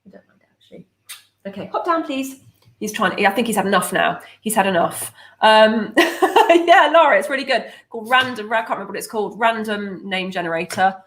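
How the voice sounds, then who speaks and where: A woman's voice: mid-range voice, animated, brisk, fairly bright tone. A woman hosting a casual live stream, bubbly and chatty with lots of fillers. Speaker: host of a nutrition membership livestream.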